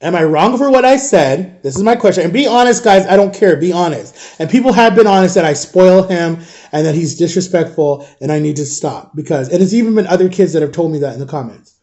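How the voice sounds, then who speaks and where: A man in his thirties talks straight to his followers in a loose, rambling storytime vlog. His voice sits high but has a soft, mellow tone. He sounds worn out and exasperated, and he swears casually as he goes. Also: lively intonation, a little fast. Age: 30s. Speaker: father vlogging about parenting.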